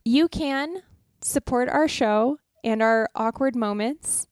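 Speaking slowly in a slightly high voice, a young woman from the United States tells lively stories on the travel podcast she co-hosts, laughing frequently throughout. The studio recording is clean and dry.

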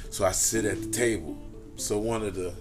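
A man co-hosting a casual chat, telling a comic story in an animated, profane way. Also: lowish voice, moderate pace, over music. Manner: animated, profane, acts out voices. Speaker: channel co-host.

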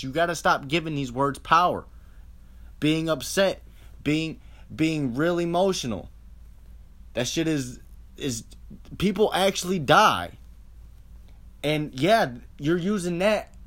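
A man's voice: a little high, expressive, a little slow, pauses often, fairly bright tone. Man in a profane rambling rant. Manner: profane, rambling, with frequent restarts and rhetorical questions. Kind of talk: casual ranting monologue.

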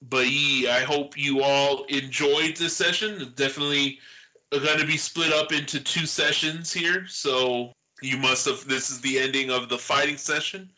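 A man's voice: mid-range voice, fairly even intonation, a little slow, pushed and bright, lo-fi sound. A man narrating a tabletop game as game master, casual and profane. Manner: profane, laid-back, laughs often.

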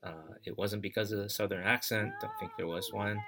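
A man telling a personal story as podcast host, reflective and halting, with many fillers and restarts. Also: fairly low pitch, fairly even intonation.

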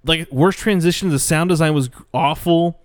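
A man's voice: a little high, moderate pace, no room sound. A man with a slightly raised voice talks in loose, rambling bursts, swearing freely and losing his train of thought. He is recorded very close and dry, with almost no room sound. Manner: rambling, swearing, laughing, trailing off. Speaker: podcast co-host reviewing bad movies. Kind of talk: casual profane chat.

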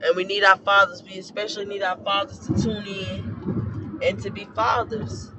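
A hoarse man with a fairly high voice delivers a blunt, cuss-filled rant about parenting. His tone is preachy and direct. Loud traffic and outdoor noise sit clearly behind him. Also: level tone, moderate pace. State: hoarse from a scorched throat. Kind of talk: casual opinion rant.

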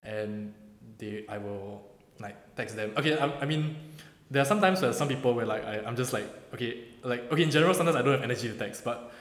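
A young man with a Singaporean English accent chats as a podcast guest, relaxed and quick. His mid-pitched voice rings in an echoey room with a long reverb tail. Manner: laid-back, restarts and fillers, laughs often. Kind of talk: casual podcast chat.

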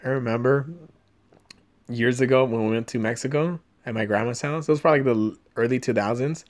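A man's voice: medium pitch, fairly quick. A young man hosting a podcast, telling rambling stories full of swearing in casual chat. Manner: profane, rambling storyteller. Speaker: podcast host. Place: Los Angeles area podcast room.

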